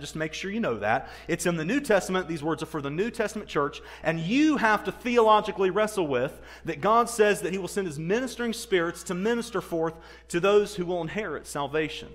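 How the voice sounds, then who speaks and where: A man preaching a sermon, telling a story with animated energy, repeating words and acting out the people he quotes. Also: a little high. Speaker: pastor.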